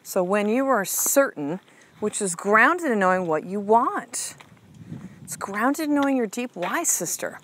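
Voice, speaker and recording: A woman's voice: medium pitch, expressive, a little slow, fairly bright tone, slight background noise. A woman life coach hosting a motivational podcast, talking casually and emphatically, full of "like" and "right?" and the odd swear word, calling her listener "sister.". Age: adult mother of a six-year-old. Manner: casual, chatty, frequent "like" and "right?", swears freely.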